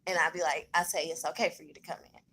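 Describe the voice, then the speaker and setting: Chatty woman telling a story, bright voice. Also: low voice, fast talker, slightly rough, poor audio. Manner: animated, conversational, many fillers. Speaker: vlogger. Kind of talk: casual storytelling vlog. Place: hospital room.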